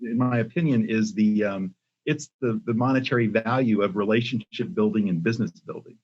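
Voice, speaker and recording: An older man talks as a podcast guest, measured and thoughtful, often pausing to restart a sentence. His voice has a husky edge. The recording sounds dull and lo-fi. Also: on the low side. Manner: measured, many ums and restarts. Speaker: podcast guest, company CEO. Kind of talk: casual interview talk. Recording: muffled lo-fi audio.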